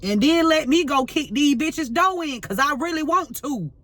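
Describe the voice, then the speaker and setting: A woman's voice: high-pitched, expressive, moderate pace, a bit bright. A woman tarot reader ranting to camera, fiery and profane, full of slang and repeating herself as she vents. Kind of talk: heated unscripted rant to camera.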